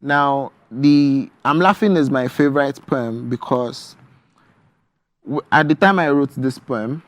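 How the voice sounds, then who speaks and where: A young man with a Nigerian English accent, a guest author talking about his poetry on a morning TV show in a measured, reflective way. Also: mid-range voice, animated, no room sound. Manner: measured, reflective, with frequent ums. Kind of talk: TV interview, reading his poetry.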